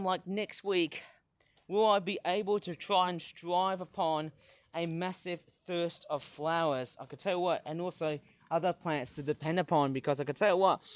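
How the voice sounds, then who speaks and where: A man's voice: on the high side, no echo. A man casually vlogging from his backyard garden, rambling, joking at himself and tripping over his words. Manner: rambling, self-mocking, stumbles over words.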